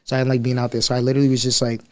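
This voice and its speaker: A young man from Liberia speaks quickly on a podcast, telling his life story in easy, casual chat. He slips into voices for the people he remembers. His pitch sits in the middle range. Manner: animated, acts out voices in his stories. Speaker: podcast guest.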